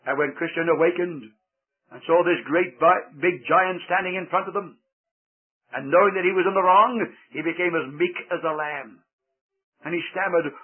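A male storyteller narrates in a lively, dramatic way and drops in playful asides. His voice is husky and pitched a little high. It comes through a thin, tinny radio sound. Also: normal speed. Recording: tinny old radio broadcast.

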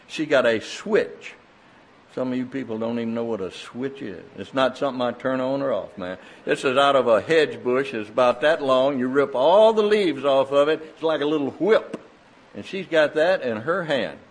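An older man preaching a sermon, telling folksy stories in an animated, emphatic way. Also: mid-range voice, moderate pace.

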